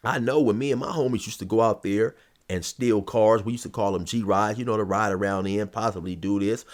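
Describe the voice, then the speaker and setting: A man's voice: on the low side, a little fast. A man telling a story in a casual, rambling, profane way, full of "you know" and "or whatever".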